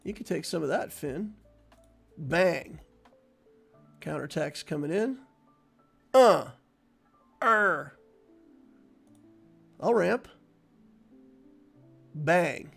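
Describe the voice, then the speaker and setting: Playful, gravelly high-voiced male streamer. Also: animated, drawn-out words, long pauses, fairly bright tone, faint music behind. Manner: playful, chatting with viewers and laughing easily. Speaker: gaming streamer. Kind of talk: casual live-stream game commentary.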